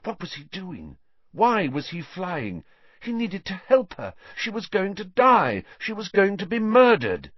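A man's voice: high-pitched, huge pitch swings, measured pace, no room sound. A man narrating a storybook audiobook dramatically, shifting his pace with the action. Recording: dull dry lo-fi sound.

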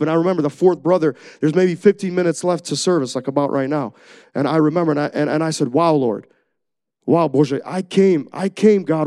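A man's voice: on the high side, darkish tone, dry recording. Earnest young male preacher, dry sound. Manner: earnest, conversational, many restarts. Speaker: youth preacher. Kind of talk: sermon with personal testimony.

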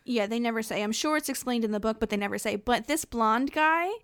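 A woman's voice: on the high side, a bit bright, clean tone, no echo, studio quality. Blunt, swearing young woman. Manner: blunt, swears, talks in quick bursts with many restarts. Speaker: podcast co-host. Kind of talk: casual chat.

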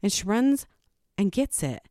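A woman's voice: mid-range voice, very animated, a little slow, warm tone, dry recording, clean studio sound. A mother of four recounts her day in a wry, exasperated way. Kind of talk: personal storytelling narration.

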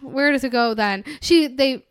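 A woman's voice: high-pitched, a little slow, smooth, no room sound, studio quality. A woman co-hosting a podcast, chatting casually about a film and giving her opinions in long, heated runs. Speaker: podcast co-host. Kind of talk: casual film-review chat.

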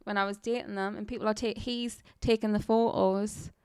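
A woman's voice: medium pitch, little pitch movement, fairly quick, darkish tone, smooth, dry recording, clean studio sound. A young woman, a podcast guest chatting casually in a blunt, laid-back way. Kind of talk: casual chat.

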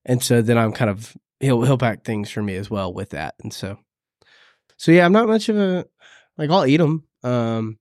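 A man co-hosting a podcast, chatting casually in a hesitant, halting way. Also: mid-range voice, animated, a little mellow, no echo, studio quality. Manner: hesitant, halting, many restarts and fillers. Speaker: podcast co-host. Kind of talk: casual chat.

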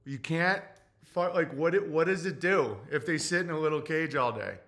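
A man in his forties, hosting a livestream, talking in a halting, emotional way, tearful, with many fillers and blunt profanity. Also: fairly high pitch, fairly bright tone. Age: 40s. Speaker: livestream host. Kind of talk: casual livestream talk reading chat.

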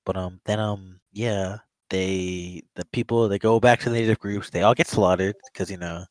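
A man's voice: low-pitched, steady tone, normal speed, dry recording, poor audio. A man reviewing an old monster movie in casual chat, rambling, swearing often and laughing at the story as he retells it. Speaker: podcast co-host.

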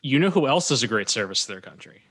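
A man's voice: mid-range voice, very animated, quick pace, a bit bright, breathy edge. Male podcast co-host, dry joker, casual rambling chat. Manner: dry, joking, rambling asides.

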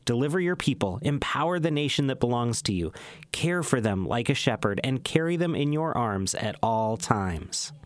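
A man reading the Bible aloud in a measured, solemn way, slowing down on emphatic phrases. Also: mid-range voice, lively intonation, no room sound. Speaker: scripture reader.

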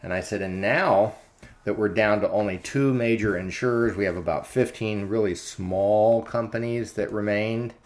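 Talking at a normal speed in a lowish voice, this man hosts his own commentary channel and spins a story off the cuff. He's chatty and loaded with fillers, recounting conversations with "I said."

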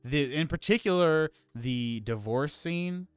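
Man, casual movie review, opinionated, smooth resonant voice, fairly high. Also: animated, slow pace, no room sound. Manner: blunt, opinionated, swears freely. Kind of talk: casual film review chat.

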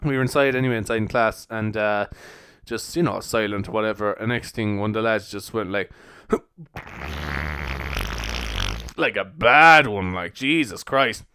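A man's voice: lowish voice, fairly quick, sharp tone, smooth, dry recording. A young man hosting a casual solo podcast, rambling with lots of fillers and frequent laughs. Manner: rambling, laughs often, heavy use of fillers. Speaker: podcast host.

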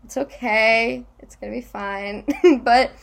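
A woman's voice: fairly high pitch, slow, creaky. A young woman chatting casually, telling stories with lots of fillers and laughter. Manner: giggly, animated storytelling with many fillers. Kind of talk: casual chat.

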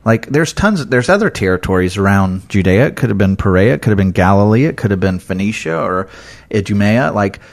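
An earnest male preacher with a somewhat low voice delivers a conversational sermon. He speaks with animated emphasis and keeps dropping in casual fillers as he works through scripture. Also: fairly quick, gravelly.

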